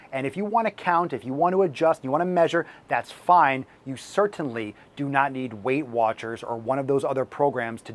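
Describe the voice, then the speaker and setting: A man hosting a fitness channel and answering viewer questions, blunt and profane and ranting at times, his voice slightly hoarse as he loses it. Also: medium pitch.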